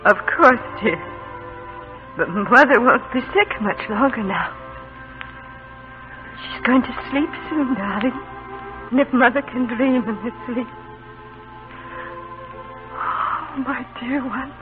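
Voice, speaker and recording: An actress playing a gentle, tender young mother who is weak and dying, speaking softly. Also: fairly high pitch, animated, slow, long pauses. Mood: loving. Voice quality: soft, fading. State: weak and ill. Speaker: actress in an old film. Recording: tinny old film soundtrack with music.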